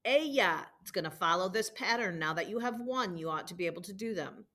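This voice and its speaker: A woman's voice: medium pitch, lively intonation, a little fast, fairly bright tone. A woman teacher walking students through homework and patiently drilling verb conjugations during a screen-shared lesson. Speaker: Spanish teacher. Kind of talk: recorded homework walkthrough.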